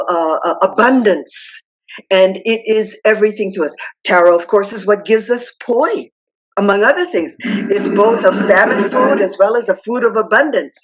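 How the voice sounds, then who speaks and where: Slow, dramatic woman storyteller from Hawaii. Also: medium pitch, highs cut off. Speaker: guest speaker. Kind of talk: telling a traditional myth.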